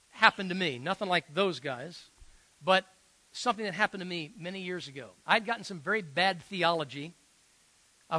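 A man's voice: high voice, bright, forceful tone, dry recording, poor audio. A middle-aged man preaching a sermon, telling stories in an earnest, emphatic way with frequent fillers. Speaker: pastor. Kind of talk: sermon storytelling.

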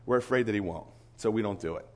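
A man giving a storytelling sermon as a missionary speaker, animated and acting out the voices of people in his stories. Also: lowish voice, quick pace. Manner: animated, acts out quoted voices. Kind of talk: storytelling sermon to a conference crowd.

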